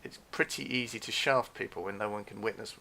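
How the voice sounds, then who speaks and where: Gravelly, bright-voiced man ranting. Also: fairly low pitch, brisk, slight background noise. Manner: animated, repeats himself, acts out quoted dialogue. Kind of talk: casual storytelling rant.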